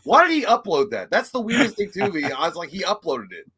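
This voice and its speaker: A man from Kentucky talks fast and loose on a livestream, cracking crude jokes with his co-host. His voice sits a bit high and sounds bright and forward. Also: huge pitch swings, husky. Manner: quick, crude, joking banter. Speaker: co-host of a movie talk livestream. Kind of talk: casual chat.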